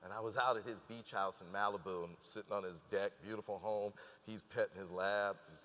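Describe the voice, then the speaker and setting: A man's voice: fairly low pitch, brisk, long reverb tail. A man telling a story as a guest in a conversational interview, acting out the lines of the people he quotes. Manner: animated storyteller who acts out quoted dialogue.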